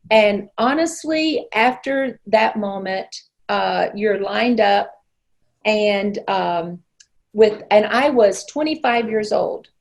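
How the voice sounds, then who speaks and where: Creaky-voiced woman in her sixties. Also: mid-range voice. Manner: earnest, reflective storytelling. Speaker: guest. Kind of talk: personal testimony in conversation.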